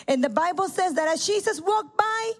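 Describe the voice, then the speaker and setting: A woman preaching a sermon at a church service, impassioned, swinging from loud cries to hushed tones. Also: extremely high pitch, animated, normal speed.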